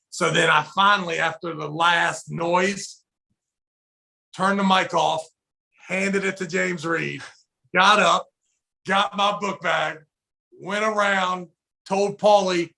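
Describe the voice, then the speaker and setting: High-pitched and gravelly, a man co-hosting a podcast talks a little slowly as he tells a story in relaxed conversation. He curses freely and performs the lines people said.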